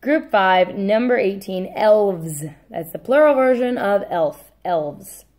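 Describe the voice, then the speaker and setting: Woman teacher reading out a spelling list for her class; slow, repeats each word, quick apologetic corrections, mid-range pitch. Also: animated, a little mellow. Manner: says each word slowly, repeats it, adds brief asides. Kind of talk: dictating a spelling test.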